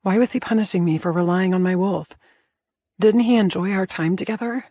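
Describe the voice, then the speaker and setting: A woman narrating a first-person romance audiobook in a soft, intimate storytelling manner. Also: medium pitch, fairly quick, no room sound.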